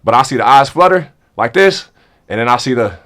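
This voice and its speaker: A young man telling a comedic story to friends in a casual, animated way, acting out both sides of the conversation. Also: mid-range voice, a little fast, a little hiss or hum.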